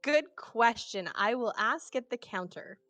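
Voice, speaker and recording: A woman's voice: fairly high pitch, expressive, measured pace, a bit bright. A woman playing a tabletop game, speaking in character as an eager, polite waitress and laughing often. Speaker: player.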